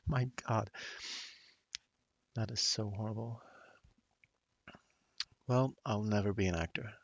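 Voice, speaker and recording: A man's voice: fairly low pitch, slow pace, long pauses, slightly rough, no room sound, muffled recording. A man casually narrating a live game stream, rambling and poking fun at himself. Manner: rambling, self-deprecating.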